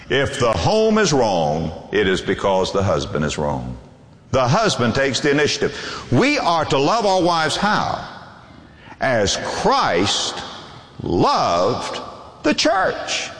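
Man, preacher, sermon, lively swooping delivery, long reverb of a big hall. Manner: expressive preaching with sweeping pitch, reading scripture aloud.

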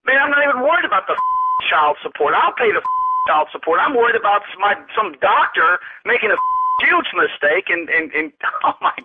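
A man's voice: high-pitched, sing-song, moderate pace, slightly rough. A man on a phone call, exasperated and laughing in disbelief at what he is told. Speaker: prank call target.

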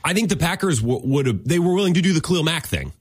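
A man co-hosting sports talk radio, making wry, quick comebacks. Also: fairly high pitch, animated, husky. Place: radio studio.

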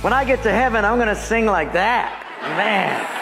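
A man's voice: high-pitched, moderate pace, gravelly, over music. A man in his seventies, a pastor, preaching a sermon and telling jokes to his congregation. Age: 70s. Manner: animated storyteller, joking. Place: church sanctuary with congregation.

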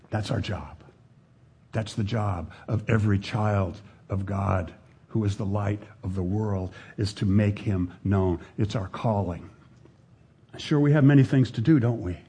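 Husky guy preaching slow and earnest, goes loud then real quiet, warm mellow tone. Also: mid-range voice. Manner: earnest, swings from raised emphatic lines to hushed intense ones. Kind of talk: sermon.

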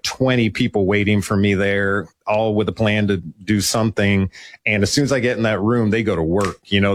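Male guest, low voice, dry close mic, plain storyteller with a wry edge. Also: no room sound. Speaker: police officer guest. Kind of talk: personal story in a podcast interview.

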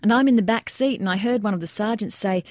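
A woman's voice: medium pitch, fast talker, darkish tone, no room sound, clean studio sound, voice pushed up, natural voice. A woman voicing a wounded male army first sergeant recounting events in a plain, matter-of-fact way.

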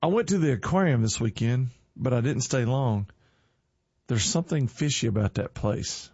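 A middle-aged man with a drawl chats casually and tells corny jokes, chuckling at them himself. His voice sits at an ordinary pitch and has a folksy, earnest manner. The recording is dry and a little dull. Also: lively intonation, normal speed, darkish tone, slightly rough, dry recording. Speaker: online show host.

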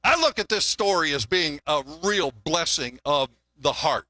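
An older pastor preaching in a bright, high-set voice. He talks in a folksy, chatty way and often restarts his words. The sound is close and dry. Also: expressive, unhurried, no echo. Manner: folksy, conversational, repeats words when restarting. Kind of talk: sermon with jokes.

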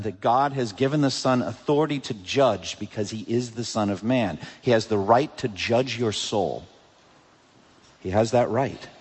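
A man preaching a sermon with emphatic swings between loud peaks and hushed drops. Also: medium pitch, husky, long reverb tail. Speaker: pastor.

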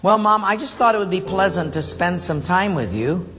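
A man preaching a sermon, telling stories with animated acted-out voices and dropping low and soft for emphasis. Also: moderate pace. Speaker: pastor. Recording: hall reverb, faint room noise.

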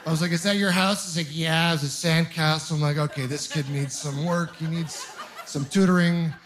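A man's voice: a little high, steady tone, fairly quick. A man in his thirties from Ontario performing a stand-up comedy set in a club, rambling through self-mocking stories with acted asides. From Ontario, Canada. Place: comedy club with laughing audience.

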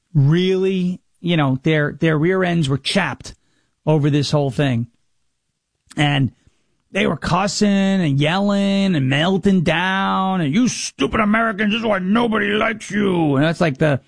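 A man's voice: high voice, no echo. A man hosting a radio and podcast show, talking casually and sarcastically and mocking his opponents. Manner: mocking, sarcastic, mimics opponents in whiny voices. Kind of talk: casual commentary monologue. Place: Tennessee.

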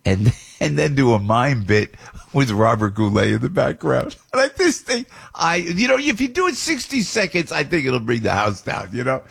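A man hosting a radio show, chatting in a rambling, excitable way and laughing often. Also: medium pitch, normal speed, gravelly, slightly rough. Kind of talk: casual radio banter.

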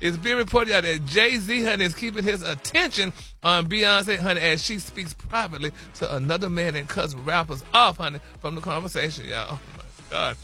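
A flamboyant older man hosts a celebrity gossip segment and peppers every phrase with "honey." His voice sits high for a man and has a bright, forceful edge. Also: moderate pace, few pauses, faint music behind. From Texas. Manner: flamboyant, says "honey" constantly. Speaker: radio show host.

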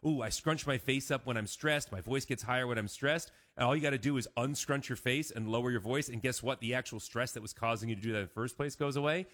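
A man co-hosting a radio show, explaining ideas quickly and animatedly. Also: medium pitch, fairly bright tone. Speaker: radio co-host.

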